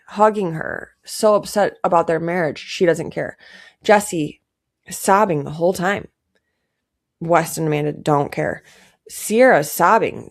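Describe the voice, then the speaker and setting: A woman's voice: on the low side, darkish tone. A young woman giving casual, indignant commentary to camera, stressing her points by repeating them. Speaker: pop culture commentator.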